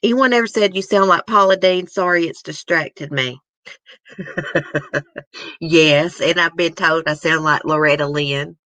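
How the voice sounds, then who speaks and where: A woman's voice: low voice, unhurried, pushed and bright, no room sound. A woman, hosting a casual, emotional chat and talking straight to her viewers. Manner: emotional, chatty, addresses viewers. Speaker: host. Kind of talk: casual chat reacting to news clips.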